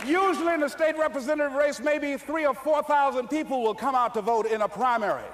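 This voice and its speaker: A man giving a lively, folksy motivational speech to a live audience, telling a story with punchy delivery. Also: very high-pitched, a little fast, in a large hall, some chatter behind, a little hiss or hum. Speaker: motivational speaker.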